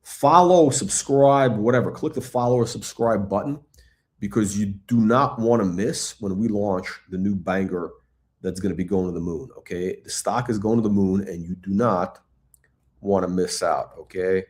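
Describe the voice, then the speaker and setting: A middle-aged man hosting a live stock chat, talking in an excitable, blunt, repetitive way and swearing now and then. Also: low-pitched, moderate pace. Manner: excitable hype, blunt, swears, repeats himself. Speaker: stock channel host. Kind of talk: livestream stock chat reading chat questions.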